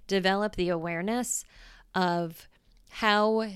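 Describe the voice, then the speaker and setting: A woman hosts a casual solo podcast with a smooth, clear voice. She explains ideas in a relaxed, chatty way and keeps checking in with the listener. The sound is close and dry. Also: medium pitch, no echo. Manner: chatty, checks in with "right?", acts out quick voices. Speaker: podcast host.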